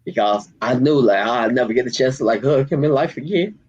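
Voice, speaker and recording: A man, a community activist, speaking with deep emotion and street slang in an interview, near tears. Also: brisk, a little mellow, slightly rough, highs cut off. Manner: heartfelt, storytelling, street slang. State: holding back tears.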